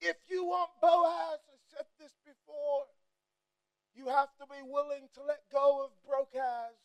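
Male preacher, very high voice, gravelly edge, fiery sermon, shouts in bursts. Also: little pitch movement, a little slow. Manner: impassioned, bursts into shouts, mimics people.

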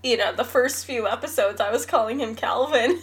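A woman's voice: on the high side, normal speed. A woman co-hosting a casual podcast chat, retelling film scenes and quoting lines as she goes. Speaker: podcast co-host.

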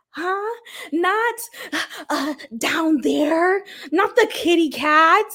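A woman's voice: very high voice, drawn-out words, sharp tone. A young adult woman hosting a podcast, talking bluntly and frankly with swearing and laughs. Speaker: podcast host. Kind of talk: candid solo podcast talk.

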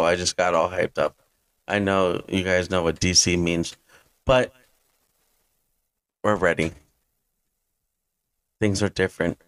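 A man's voice: deep voice, clean tone. A man in his twenties hosting a fantasy football podcast, ranting hyped-up and blunt, with some swearing. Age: 20s. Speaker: podcast host.

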